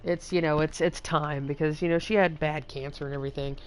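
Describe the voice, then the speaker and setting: A woman's voice: low voice, fairly even intonation, a little fast, clear, resonant tone. A young woman from Texas hosting a livestream, telling long rambling stories with lots of fillers and swearing. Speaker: livestream host. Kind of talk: casual storytelling chat.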